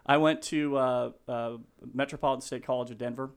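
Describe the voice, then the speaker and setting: A man's voice: mid-range voice, steady tone, brisk, clean tone. Earnest, sentimental middle-aged man. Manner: earnest, openly sentimental, rambling with many restarts. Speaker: real estate agent, guest. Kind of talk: casual podcast interview.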